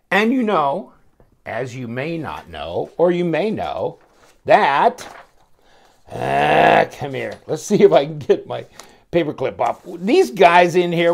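A man with a gravelly, creaky voice talks slowly through a casual product review. His pitch rises and falls in a lively way. He rambles, chuckles often and breaks off mid-thought. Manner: chuckling, rambling, self-interrupting. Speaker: knife reviewer.

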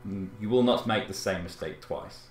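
A man playing a calm, commanding herald. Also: low voice, normal speed, roomy sound, soft background music, natural voice. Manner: resolute, commanding proclamation. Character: calm authoritative British male herald.

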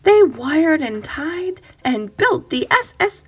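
Very slow, sing-song woman storyteller. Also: sits high, sing-song, a bit bright, soft background music. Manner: playful, rhythmic, sing-song. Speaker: picture-book reader. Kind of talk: expressive children's story read-aloud.

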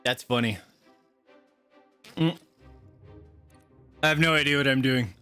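A game streamer giving excited live commentary while playing, swearing often and squealing and yelping at the action. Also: mid-range voice, slow pace, smooth. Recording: loud game music behind the voice.

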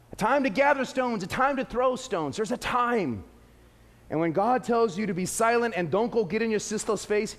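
A man preaches a lively, playful sermon in a very high voice. He swings between loud exclaims and hushed asides. The sound carries the long echo of a church hall. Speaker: pastor. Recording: echoey hall.

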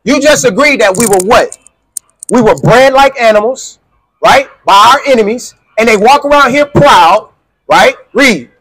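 Man, street preacher, very high pitch, insistent, call-and-response. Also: lively intonation, measured pace, a bit bright, low-quality recording. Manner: insistent, quizzing the listener and repeating questions.

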